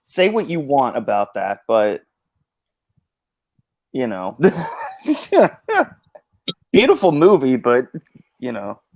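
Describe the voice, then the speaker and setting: A man's voice: mid-range voice, huge pitch swings, very slow, long pauses, a little mellow, no room sound. Sarcastic guy on a podcast panel, keeps exclaiming and swearing, dry close sound. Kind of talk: casual late-night chat.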